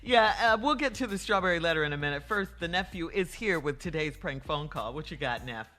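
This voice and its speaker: A woman co-hosting a morning radio show, upbeat and quick to giggle as she introduces segments. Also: sits low, animated, fairly bright tone, soft background music. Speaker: radio co-host. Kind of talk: radio banter and segment links.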